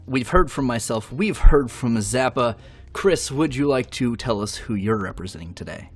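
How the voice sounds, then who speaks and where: A man's voice: medium pitch, expressive, normal speed, faint music behind. A man hosting a podcast, moderating and passing turns to the other speakers. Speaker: podcast host. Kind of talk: casual podcast chat.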